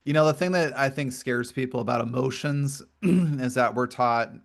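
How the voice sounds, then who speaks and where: A man's voice: medium pitch, normal speed, vocal fry. A male podcast host in a conversational interview, explaining earnestly at length and often repeating words. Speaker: podcast host and grief coach.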